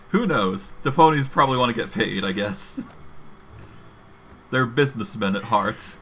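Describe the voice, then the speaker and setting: A man's voice: medium pitch, expressive, measured pace, pauses often, fairly bright tone, slight background noise. A man streaming a narrative game, chatting casually and laughing often as he reads and comments.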